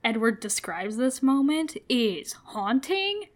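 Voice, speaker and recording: A woman chatting on a podcast in a slightly high voice. She reacts with joking disbelief, swears freely and laughs a lot. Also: sing-song, slow. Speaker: podcast co-host. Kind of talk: casual chat.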